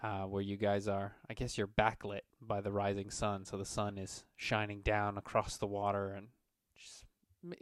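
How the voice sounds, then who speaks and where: Low-voiced rambling game master. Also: male voice, no echo. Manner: relaxed, rambling narration with many fillers. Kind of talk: narrating a tabletop game.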